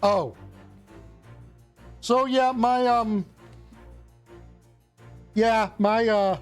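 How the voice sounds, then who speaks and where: Mężczyzna, streamer, swobodnie komentuje grę, gada z wahaniem i wtrąceniami, wysokim głosem, a w tle cicho gra muzyka. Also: male voice, high-pitched, drawn-out words, clear, resonant tone, soft background music. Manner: chatty, hesitant with fillers. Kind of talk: casual let's-play commentary.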